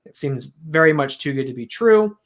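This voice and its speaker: A podcast co-host rambles through casual chat in a slightly high, animated voice at a moderate pace. He keeps interrupting himself and restarting sentences, and laughs at his own attempts at accents.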